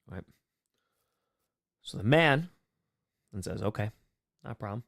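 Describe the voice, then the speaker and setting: A young man hosting a charity livestream, chatting casually and telling silly made-up stories in a deadpan way. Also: on the low side, a little slow, creaky, long pauses. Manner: playful, breaks into sudden loud shouted donor shout-outs. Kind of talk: casual live stream chat, improvising silly stories.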